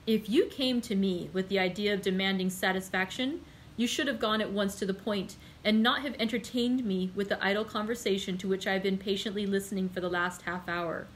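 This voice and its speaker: A woman reading the part of a composed, wry male journalist in a storybook reading, measured and formal. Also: medium pitch, a little hiss or hum, lightly acted, rough recording. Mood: calm.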